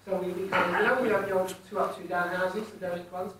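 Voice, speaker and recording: A man's voice: high-pitched, level tone, very fast. A man in his forties from England, a ghost tour guide and medium, telling cheeky stories and teasing a live group. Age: 40s. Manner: cheeky, jokey, teases the audience. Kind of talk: joking storytelling to a live group. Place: large indoor hall in an old fort. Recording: echoey, distant room with faint noise.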